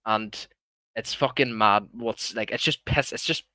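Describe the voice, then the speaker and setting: A man's voice: fairly low pitch, a little slow, bright, forceful tone, dry recording. A young Irish man hosting a live stream, talking casually and heatedly, swearing often and calling listeners "man". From Ireland. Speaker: livestream host.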